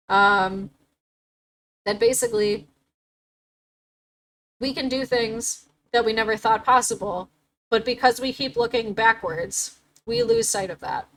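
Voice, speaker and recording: A woman's voice: fairly high pitch, gravelly, poor audio. A young adult woman hosting a livestream, talking casually and animatedly, swearing and laughing often. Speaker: livestream host.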